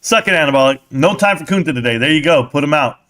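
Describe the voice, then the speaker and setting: Male streamer, high bright voice, brash mocking rant to live chat. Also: expressive, fast. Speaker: stock market live streamer.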